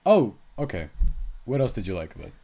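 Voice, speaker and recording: A young man co-hosting a casual movie review podcast, chatty and quick with asides, laughing often. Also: lowish voice, sing-song, creaky, mellow. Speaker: podcast co-host, film reviewer.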